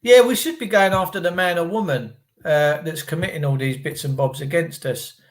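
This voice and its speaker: A man chatting casually on a live stream, excitable and talkative, greeting his viewers by name as he comments. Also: on the high side, normal speed, rough recording.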